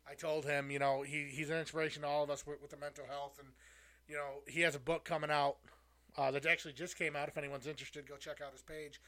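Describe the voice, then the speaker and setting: A man's voice: fairly high pitch, little pitch movement, fast talker, bright, forceful tone, no echo. A man co-hosting a podcast, telling a rambling anecdote in casual chat. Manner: rambling anecdote with fillers and laughs. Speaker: podcast co-host.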